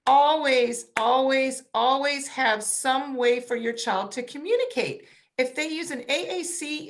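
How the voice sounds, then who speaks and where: A woman's voice: fairly high pitch, fairly bright tone. A woman communication coach on a panel, giving advice emphatically and repeating key words for stress.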